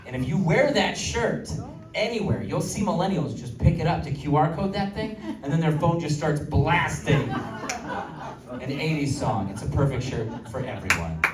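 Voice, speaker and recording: A man's voice: fairly high pitch, animated, normal speed, far from the mic, a crowd in the background. A man doing a stand-up comedy set and telling stories in a chatty way, with lots of fillers. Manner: chatty storytelling with filler words. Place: comedy venue with live audience. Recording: roomy live audience recording from afar.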